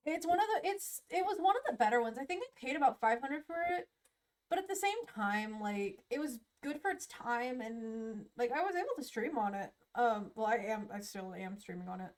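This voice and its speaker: A woman's voice: a little high, very animated, normal speed. A young woman streaming live from her computer, chatting casually and rambling with frequent giggles as she draws. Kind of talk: casual live-stream chat while drawing.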